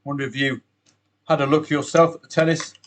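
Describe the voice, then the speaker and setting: A man's voice: a little high, steady tone, a little fast. A man hosting a solo betting podcast, chatty and upbeat, with asides to the listener.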